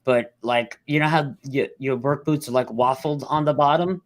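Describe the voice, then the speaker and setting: A middle-aged man, a rescue worker telling his story in an interview, blunt and halting, fighting back tears. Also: mid-range voice, steady tone, no echo. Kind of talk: emotional storytelling.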